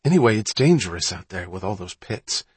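A man voicing a cautious, bossy older brother who speaks in a gruff, scornful way. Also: low voice, very animated, a little fast, no echo, heavily acted.

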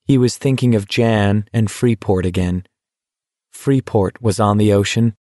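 A man reading an audiobook in a steady, measured way. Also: on the low side, dry recording, studio quality. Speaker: audiobook narrator. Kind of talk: audiobook narration.

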